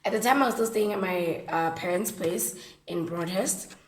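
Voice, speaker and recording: A woman with a Botswana accent, telling a story in a lively, slangy, casual way while eating on camera. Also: medium pitch, moderate pace, echoey room, a little hiss or hum. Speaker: vlogger.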